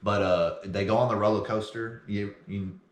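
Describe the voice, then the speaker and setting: A man's voice: lowish voice, fairly even intonation, moderate pace, reverberant, slight background noise. A young man co-hosting a podcast, telling rambling stories and casually chatting with his friend. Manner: rambling storyteller, acts out quotes loudly. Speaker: podcast co-host. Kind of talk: casual chat.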